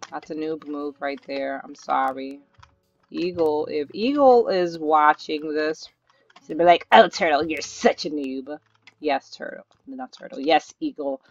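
A gamer keeps up a jittery running commentary while playing, cheering and pleading at the screen in a medium-pitched voice. The audio sounds a bit dull and lo-fi, with faint music playing underneath. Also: takes it slowly. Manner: excitable, nervous self-talk with repeated urging. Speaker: gaming channel host. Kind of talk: live gameplay commentary.

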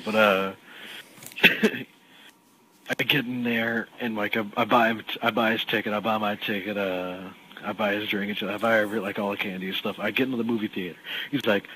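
A man's voice: fairly low pitch, steady tone, moderate pace, bright, forceful tone, low-quality recording. A young man casually telling a rambling story to a friend, laughing often and swearing. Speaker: podcast co-host. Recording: faint background noise.

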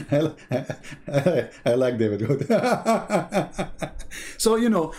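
A man's voice: on the high side, sing-song, very slow, pauses often, a little mellow. A man hosting a live stream, mocking and laughing in broken English as he comments on a video. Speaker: livestream host.

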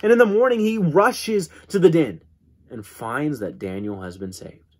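Man, Bible class teacher, slightly high and husky voice, earnest and repetitive delivery. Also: unhurried. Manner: earnest, repeats words when restarting, dramatic drops in pitch. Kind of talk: church Bible class lesson.

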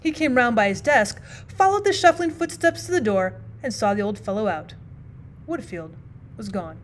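A woman teacher reading a classic short story aloud as audiobook narration, measured and expressive. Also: on the high side.

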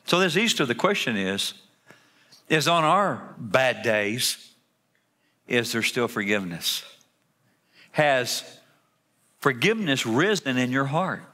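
A man preaches to his church with a bright, forceful tone that sits a little high for a male voice. He leans on rhetorical questions and drives home repeated phrases with emphasis. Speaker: pastor. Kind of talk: Easter sermon. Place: church service.

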